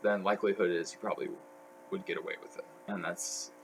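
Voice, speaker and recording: A man's voice: sits low, fairly even intonation, fast talker, over a noisy crowd, low-quality recording. A young man talking as a podcast guest, telling stories in a rambling way full of fillers. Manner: rambling, filler-heavy storytelling. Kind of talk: casual podcast chat.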